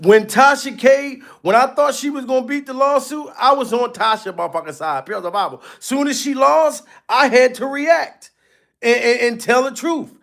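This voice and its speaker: A man's voice: very high voice, moderate pace, gravelly, fairly bright tone. A man hosting a gossip commentary vlog, dramatic and talking straight to his viewers. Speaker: commentary channel host.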